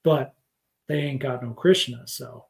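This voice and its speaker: A man's voice: mid-range voice, steady tone, a little slow, gravelly. A man teaching scripture in a casual livestream lesson, rambling and thinking aloud with many fillers. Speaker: spiritual teacher.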